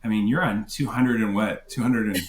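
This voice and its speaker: A man with an everyday mid-range voice talks in a relaxed, rambling way full of "you know" and "like." The sound is roomy with a clear echo and a faint hiss underneath. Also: lowish voice, normal speed. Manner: easygoing, rambling, many fillers. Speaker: podcast guest, wedding photographer. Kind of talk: casual podcast chat.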